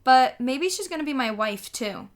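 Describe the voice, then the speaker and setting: A woman's voice: sits high, animated, normal speed. A woman voicing a chatty, cheeky little boy who eagerly tattles in a singsong way. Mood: chattering.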